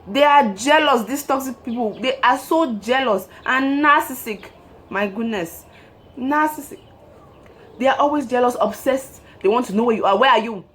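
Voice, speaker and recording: A woman's voice: fairly high pitch, moderate pace, a bit bright. A woman hosting her own show, giving relationship advice in an emphatic monologue and repeating her key phrases.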